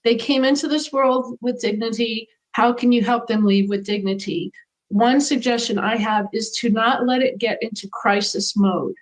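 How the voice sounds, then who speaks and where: A middle-aged woman, interviewed as a guest in a conversation, speaks earnestly and reflectively about what she has lived through. Her voice is a little high at normal speed, and the audio quality is poor.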